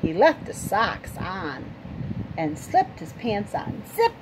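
A woman reading a picture book aloud to children, with sound words and questions for her listeners. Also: mid-range voice. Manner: slow, animated, asks listeners questions. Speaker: storytime reader. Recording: noisy home recording.

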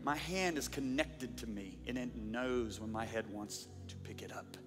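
A middle-aged man preaching a sermon, telling stories animatedly and swinging between shouting and quiet asides. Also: medium pitch, unhurried. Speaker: pastor. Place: large church or auditorium. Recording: reverberant hall with music.

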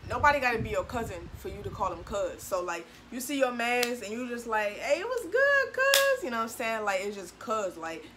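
A young woman with a DMV accent explaining slang in casual chat, animated and acting out quotes in a high voice. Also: fairly quick, few pauses, crowd noise, low-quality recording. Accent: DMV Black American English. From DMV area, US.

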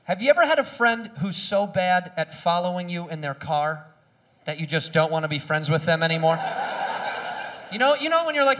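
A man in his thirties performing a stand-up comedy set on stage, animated, acting out quoted voices and shouting punchlines. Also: high voice, a little fast.

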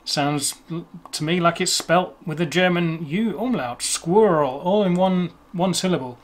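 An English man with a high-pitched voice teaches pronunciation in a casual, explanatory lesson. He's chatty and self-deprecating, slowing down to sound out words.

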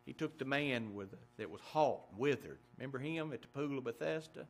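A man's voice: mid-range voice, moderate pace. A man preaching a sermon as pastor, asking rhetorical questions, building emphasis and reading scripture aloud in old-fashioned wording. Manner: reads scripture aloud in King James wording.

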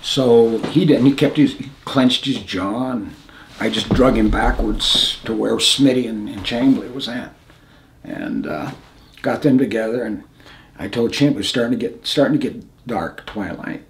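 A man's voice: mid-range voice, animated, gravelly, a little hiss or hum. Older American man recounting combat. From United States. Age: 70s. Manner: halting and plain-spoken, frequent restarts, drops to a hush at grim moments. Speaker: veteran interviewee. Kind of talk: recounting combat memories in an interview.

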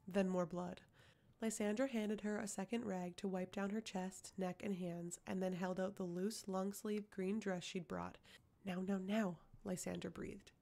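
A woman reading a fantasy novel aloud as an audiobook, with steady, even storytelling. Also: mid-range voice, vocal fry. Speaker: audiobook reader. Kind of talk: audiobook narration.

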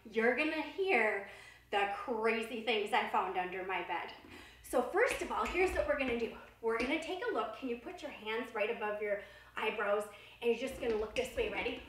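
A woman leading a children's dance lesson, upbeat and encouraging as she counts out the steps. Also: fairly high pitch. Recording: roomy, distant, loud music behind.

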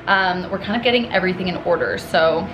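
A woman's voice: on the low side, quick pace, muffled recording, background noise. A woman in her twenties, talking to camera in a casual vlog from her apartment, bubbly and chatty with lots of fillers. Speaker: vlogger and brand founder.

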